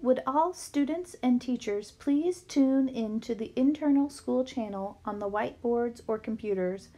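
A woman voicing a sinister teenage boy villain making loudspeaker announcements in a storybook. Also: on the high side. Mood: eerie. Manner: slow, menacing.

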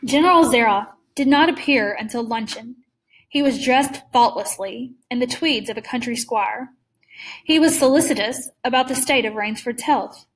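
Woman reading a story aloud, slowish and careful, fairly high voice. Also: distant mic. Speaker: reader. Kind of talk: read-aloud story narration.

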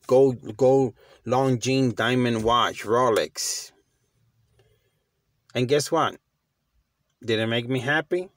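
A man's voice: medium pitch, takes it slowly, pauses often, no room sound. A middle-aged man giving casual, slangy motivational talk, emphatic and repeating himself as he restarts his phrases. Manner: slangy, conversational. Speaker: motivational vlogger.

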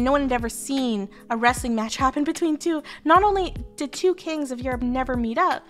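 A woman's voice: high-pitched, fairly quick, few pauses, fairly bright tone, faint music behind. Irreverent, chatty woman telling history. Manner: irreverent, profane, chatty with lots of fillers. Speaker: history storyteller, virtual streamer. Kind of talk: casual comedic history storytelling.

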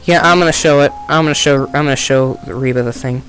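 A man giving casual commentary while playing through a game, relaxed and amused. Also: medium pitch, fast talker, soft background music, rough recording. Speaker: game voice dubber.

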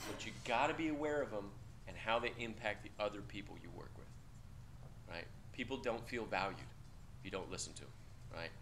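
A man's voice: lowish voice, a bit bright, slight background noise. A man teaching a class, talking bluntly and casually with profanity, quizzing students in a discussion. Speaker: instructor.

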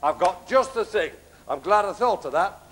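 A man's voice: sits high, expressive, normal speed, slight background noise. A bumbling, punning pantomime father. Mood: doting. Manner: gentle, punning, mumbling asides. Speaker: comic actor. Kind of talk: live pantomime stage comedy. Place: theatre stage.

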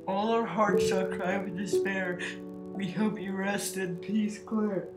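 Man, let's play commentary, very slow halting delivery, crying, echoey room, loud guitar music behind. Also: sits high, fairly even intonation. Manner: slow, halting, tearful reading. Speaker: gaming video creator.

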